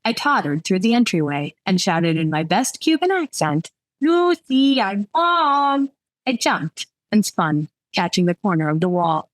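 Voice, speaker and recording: A woman author reading her own novel aloud in lively, expressive first-person narration. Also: fairly low pitch, normal speed, few pauses, no echo.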